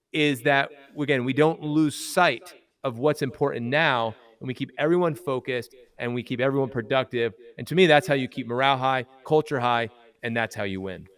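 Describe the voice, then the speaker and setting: Guy on a podcast explaining management mindset, measured, mid voice. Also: mid-range voice. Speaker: podcast co-host, coach.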